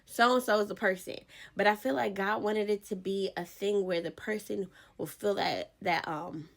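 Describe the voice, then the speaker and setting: A woman hosting a casual devotional podcast, telling a story in a chatty, animated way with plenty of slang. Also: medium pitch, normal speed, gravelly. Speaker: podcast host.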